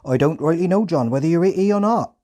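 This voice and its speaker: A man's voice: on the high side, lively intonation, fast talker, dark tone, pitched above the performer's own voice, close to an everyday voice. A man voicing a blunt rural farmhand with a broad Hampshire accent and rustic dialect, read out within a narrated podcast. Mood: gruff musing.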